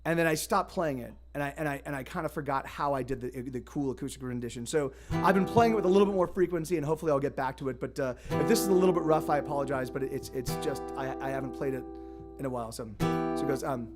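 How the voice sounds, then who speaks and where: A man's voice: mid-range voice, fast talker. A man hosting a live music stream, chatting casually and rambling in a friendly way as he greets viewers by name. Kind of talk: casual livestream chat. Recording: guitar music in the background.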